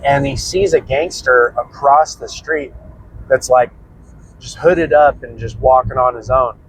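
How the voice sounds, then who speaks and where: A man's voice: medium pitch, measured pace, a little hiss or hum, poor audio. A young man casually telling a personal story, rambling and swearing freely as he goes. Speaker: prepping channel host.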